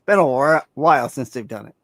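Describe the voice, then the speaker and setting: A man from upstate New York on a casual wrestling panel, jokey and quick to laugh. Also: medium pitch, lively intonation, a bit bright, dry recording.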